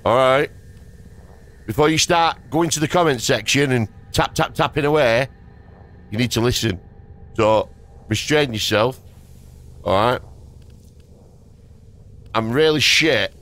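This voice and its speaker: Unhurried and pausing often, this young man's mid-range voice comes across a bit bright. He creates gaming videos and is rambling through commentary at his home desk into a dynamic mic, swearing casually and being self-mocking.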